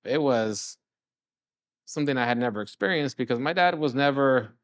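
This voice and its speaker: At a moderate pace and in a mid-range voice, a middle-aged Californian man, a chef and restaurant owner, tells stories casually as a guest on an interview show. He animates them by acting out dialogue. The studio-quality audio has no echo.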